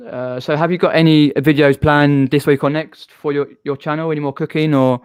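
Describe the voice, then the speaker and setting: Man, southern english accent, live stream host, smooth clear voice, dry close sound. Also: a little high, steady tone, fairly quick, dry recording. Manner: chatty, reads out viewer comments. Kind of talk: casual chat.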